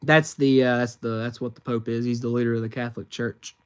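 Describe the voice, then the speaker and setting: A man's voice: medium pitch, flat delivery, fairly quick, clear, resonant tone. A man from the United States chats through a livestream on his phone, reading out viewers' questions. He rambles with plenty of fillers and restarts, in an ordinary mid-range voice. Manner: chatty and rambling, many fillers and restarts, reads chat questions aloud. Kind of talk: casual livestream chat.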